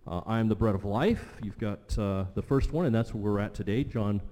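Mellow-voiced man preaching in reverberant hall. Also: fairly quick. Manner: storytelling preaching, drops voice low for emphasis. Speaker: pastor. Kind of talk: sermon.

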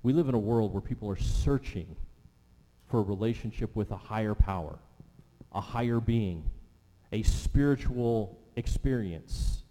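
A man preaching a sermon, emphatic, repeating key phrases and slowing down to stress them. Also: fairly low pitch, mellow. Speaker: pastor. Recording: long reverb of a large hall.

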